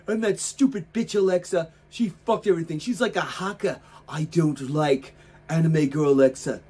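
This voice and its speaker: A man putting on the voice of a petty, furious, whiny man who rants, curses and shouts insults. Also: high voice, pitched above the performer's own voice, heavily acted. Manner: ranting, cursing, shouting insults.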